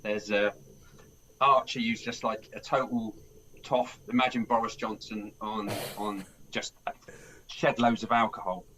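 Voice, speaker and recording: Over slight background noise and poor audio, a man with a lowish, bright, forceful voice talks at a measured pace with little pitch movement. As host of a film podcast, he rambles through a plot in casual review chat, frequently starting over and performing characters' lines.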